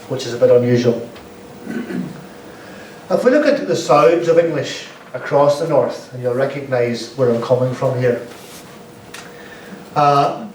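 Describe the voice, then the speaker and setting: A man's voice: mid-range voice, darkish tone. A man giving a public lecture, explaining points and repeating words aloud to show how they sound. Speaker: guest lecturer. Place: lecture room. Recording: roomy echo, distant mic, faint hiss.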